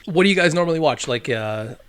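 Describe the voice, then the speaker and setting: A man's voice: on the high side, lively intonation, quick pace, a bit bright, clear, resonant tone. A young man hosting a podcast, asking questions and laughing easily in casual chat. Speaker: podcast host.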